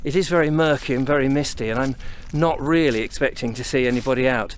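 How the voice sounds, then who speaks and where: A tripod camera, set up and carried along, captures an Englishman's quick, mid-range voice with a little hiss or hum. Out on country footpaths, he talks casually to camera, slightly winded, rambling and chatty as he thinks aloud.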